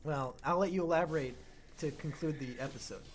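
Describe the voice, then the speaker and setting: A man co-hosting a casual podcast chat, talking fast and joking, often breaking into laughter. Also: fairly high pitch, slight background noise. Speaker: podcast co-host.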